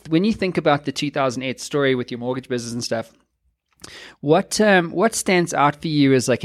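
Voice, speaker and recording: A man hosting a podcast interview, upbeat and slangy in a laid-back way. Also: mid-range voice. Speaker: podcast host. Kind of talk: casual interview.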